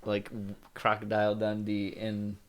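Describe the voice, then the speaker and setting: A man's voice: fairly low pitch, monotone, unhurried. A young man co-hosting a podcast in casual, rambling, jokey chat with frequent laughter. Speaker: podcast co-host.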